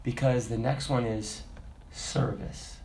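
A man preaching a sermon in an animated way, swinging from loud exclamations to hushed asides. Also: medium pitch, takes it slowly, soft background music.

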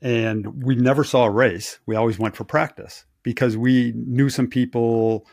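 A man from Wisconsin, a race engineer co-hosting a podcast, telling rambling anecdotes in a relaxed chat. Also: medium pitch, unhurried, vocal fry, no room sound, clean studio sound. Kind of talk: casual storytelling chat.

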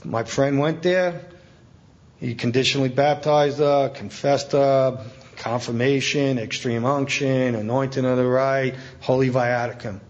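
Animated storytelling priest, lo-fi. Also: male voice, medium pitch, a little slow. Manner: colloquial, animated storytelling with emphatic asides. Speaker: Catholic priest. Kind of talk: storytelling sermon. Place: talk at a conference event. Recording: dull lo-fi event recording.

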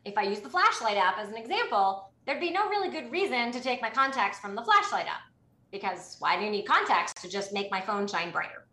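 A woman explaining rules on a webinar, clear and emphatic, with frequent restarts. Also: mid-range voice, expressive, fairly quick, bright, forceful tone, reverberant. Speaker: privacy expert guest.

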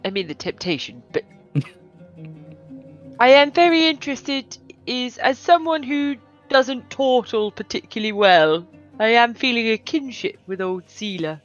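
A woman playing a tabletop game with a playful, bargaining manner. Her voice sits a little high and swings widely in pitch. The audio is dull and lo-fi, with faint music underneath. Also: lively intonation, a little slow. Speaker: player. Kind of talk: casual tabletop play.

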